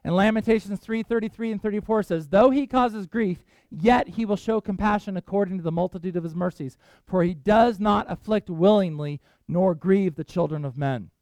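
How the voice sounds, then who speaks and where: A man with a notably high voice preaches a sermon. He talks earnestly and conversationally, slowing down to press on key words. The recording is dry, with no room sound. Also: a little mellow, no room sound. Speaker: pastor.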